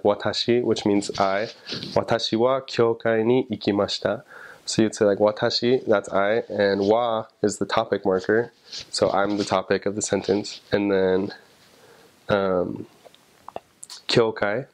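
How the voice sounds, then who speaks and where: Young man, low and flat delivery, relaxed explainer who thinks aloud and walks through examples. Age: young adult. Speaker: returned missionary explaining Japanese. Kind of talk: casual explanation to camera.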